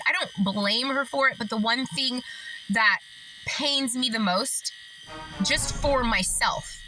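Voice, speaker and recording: Chatty woman, slightly high, far from mic. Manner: chatty, many fillers, thoughtful asides. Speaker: author and storyteller. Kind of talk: casual reflective vlog storytelling. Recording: distant mic, steady background noise.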